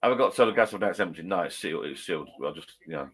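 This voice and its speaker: A middle-aged man rambles through a casual live stream from his garden bar shed. His voice sits fairly low. He talks in a chatty, blokey way, restarts his sentences, and reads out viewer comments as he goes. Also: animated, rapid-fire, a bit bright, breathy edge.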